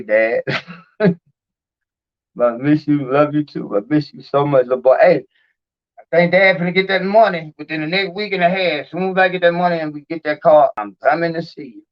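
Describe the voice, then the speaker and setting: A man hosting his own video, talking in a rambling, heartfelt, informal way. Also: mid-range voice. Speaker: video host. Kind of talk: casual live-stream talk. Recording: dull lo-fi recording.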